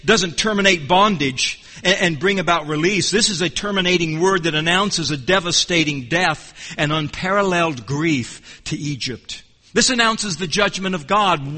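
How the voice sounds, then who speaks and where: A high-pitched, bright-voiced man delivers an emphatic sermon, hammering on key phrases and slowing down for weight. His voice rings with a long hall reverb, as if in a church sanctuary. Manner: emphatic, repeating key phrases with deliberate pauses. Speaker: preacher. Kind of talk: expository sermon.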